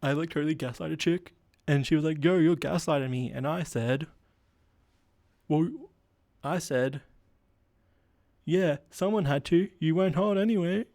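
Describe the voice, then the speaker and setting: A man's voice: on the high side, normal speed, vocal fry, long pauses, darkish tone, no room sound, clean studio sound. A man putting on a crass, cocky young male stand-up comic who keeps calling the crowd mate and bro. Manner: brash, blokey banter full of mate and bro.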